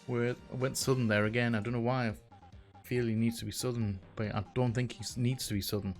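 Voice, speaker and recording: A man's voice: medium pitch, flat delivery, fast, faint music behind. A young man hosting a let's play, thinking aloud in casual commentary with muttered asides while he plays.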